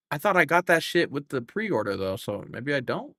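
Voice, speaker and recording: A man's voice: mid-range voice, big pitch swings, brisk, fairly bright tone, no room sound. A young man streaming a game live, chatting casually and cursing as he thinks aloud through the menus. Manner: profane, rambling, thinking aloud while scrolling menus.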